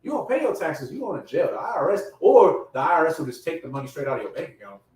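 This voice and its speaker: A man preaching a sermon in casual slang, growing impassioned and loud at his emphatic peaks. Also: on the high side, big pitch swings, quick pace. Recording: echoey room from far off.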